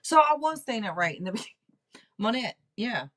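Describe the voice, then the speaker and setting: A middle-aged woman hosting a casual livestream tarot reading, rambling and chatting out loud to herself between readings. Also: on the high side, lively intonation, racing. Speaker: tarot reader and livestream host.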